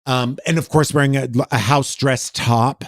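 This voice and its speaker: A man co-hosting a podcast, telling a story in casual chat; he is animated, gets defensive fast and swears freely. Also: mid-range voice, no echo, studio quality. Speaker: podcast co-host.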